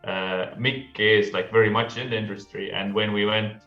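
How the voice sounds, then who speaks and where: A man, a filmmaker guest, talking in an excitable, chatty way with lots of restarts. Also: lowish voice, normal speed, recorded from a distance, soft background music. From Estonia. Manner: excitable, laughing, many restarts. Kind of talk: casual interview chat. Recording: roomy, dull remote audio.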